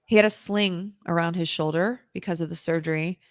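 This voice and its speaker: A woman, a guest on an interview show, telling an intense personal story in a vivid, dramatic way, at times dropping to a hushed whisper. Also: on the low side, steady tone, brisk, dry recording, studio quality. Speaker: interview guest, recovery author.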